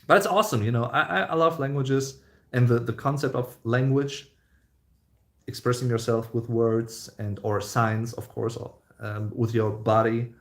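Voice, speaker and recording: This host, a man with a German accent, chats casually in a livestream Q&A, speaking English as a second language with plenty of fillers and restarts in a rambling, easygoing way. He talks at a moderate pace with a medium-pitched voice.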